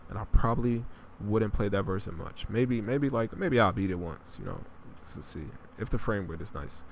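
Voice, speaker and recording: A man's voice: on the low side, big pitch swings, normal speed, vocal fry, a little hiss or hum. A young man hosting a podcast, chatting casually about video games in a blunt, profane, rambling way. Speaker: podcast host. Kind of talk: casual gaming chat.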